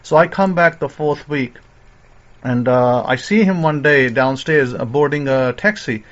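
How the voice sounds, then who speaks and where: A man's voice: medium pitch, measured pace, highs cut off. A man telling a story in a sermon, with a rambling way of talking, many fillers and restarts, as a religious teacher.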